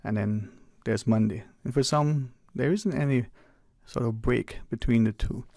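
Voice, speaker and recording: A man's voice: mid-range voice, measured pace, gravelly, warm tone, no room sound. A man hosting a call-in radio show in an easygoing, chatty way, often restarting his sentences, recorded on a close studio mic. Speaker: radio talk show host. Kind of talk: casual call-in radio chat.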